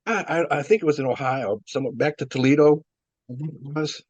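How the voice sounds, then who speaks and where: This former wrestler, now older, rambles through stories with chuckles, fillers and false starts. He talks fairly quickly in a slightly high voice with a darkish tone, captured in a dull, dry, lo-fi recording.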